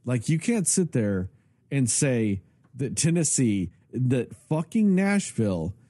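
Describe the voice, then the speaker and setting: Speaking slowly in a mid-range voice, a man co-hosts a casual podcast chat. He rants with lots of swearing, coming across as profane and animated throughout.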